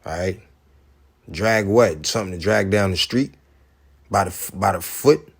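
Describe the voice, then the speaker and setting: A man's voice: sits low, a little slow, creaky, breathy edge. A man giving preaching commentary on video clips, rhetorical and repetitive, often checking in with "all right?". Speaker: religious commentator.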